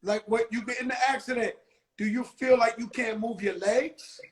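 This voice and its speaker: Animated high-voiced man telling a story. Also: normal speed, rough recording. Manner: animated storyteller, swears freely. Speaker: host of a livestream chat. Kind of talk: casual livestream conversation.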